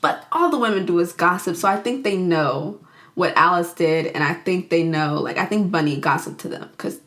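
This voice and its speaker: Brief: young woman vlogger, chatty, expressive, jokey movie recap. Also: lowish voice, normal speed. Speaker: youtuber.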